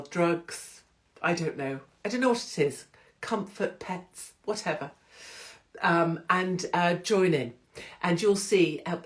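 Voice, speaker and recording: Chatty, irreverent British-accented woman hosting a live stream. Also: on the low side. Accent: British English. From England. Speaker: host of a live-streamed show. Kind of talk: casual live-stream chat. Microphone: phone or computer live stream.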